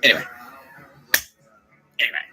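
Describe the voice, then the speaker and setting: Australian male podcaster ranting with a sharp, bright edge and a lot of swearing. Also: normal speed, faint music behind, rough recording. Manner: ranting, swearing, laughing, putting on mocking voices. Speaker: podcast host. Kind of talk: profane comedic rant.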